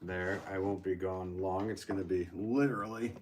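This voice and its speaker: A man's voice: deep voice, fairly even intonation, moderate pace, darkish tone, slight background noise. A man hosting a live pottery stream from his studio, rambling and joking as he reads out viewer comments while he works. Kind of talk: casual live-stream chat.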